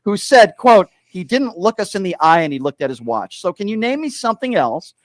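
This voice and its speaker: A man's voice: sits high, sing-song, fairly quick, no room sound. A man calling in to debate the host, combative and interrupting, who keeps hammering his points by saying the host's name again and again. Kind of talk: heated call-in debate.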